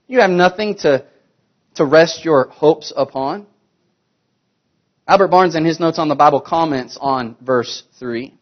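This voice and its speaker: High-voiced man preaching with rhetorical questions. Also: muffled recording. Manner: rhetorical questions, emphatic swings from loud to hushed. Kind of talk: sermon.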